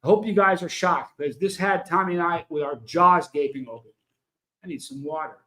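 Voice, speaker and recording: A man with a high, bright, forceful voice hosts a casual livestream. He tells his story with emphasis and keeps turning to greet and address his viewers. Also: fairly quick, rough recording. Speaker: livestream host.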